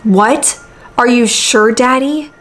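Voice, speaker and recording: A woman's voice: a little high, takes it slowly, a bit bright. A woman reading as an eerie dead boy in a computer. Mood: pleading.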